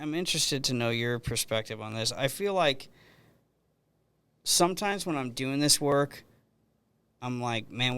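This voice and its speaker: Smooth-voiced man hosting a podcast. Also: mid-range voice, a bit bright. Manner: rambling storyteller with frequent restarts. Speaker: podcast host. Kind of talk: casual conversational interview.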